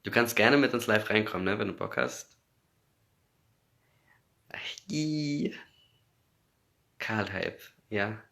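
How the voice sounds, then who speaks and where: A native English speaker chats casually on a phone livestream, reading out and answering fan comments while laughing often and switching between English and German. His voice is lowish, brisk, creaky, pushed and bright.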